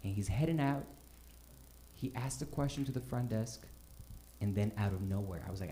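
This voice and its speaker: Male stand-up comic, mid-pitched, self-mocking, acts out the lines, noisy live recording. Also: a little fast, darkish tone. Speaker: stand-up comedian. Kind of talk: stand-up storytelling.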